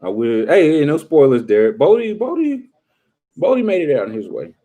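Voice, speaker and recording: A man casually chatting with his livestream viewers, joking around and breaking into quick impressions. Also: on the high side, big pitch swings, mellow.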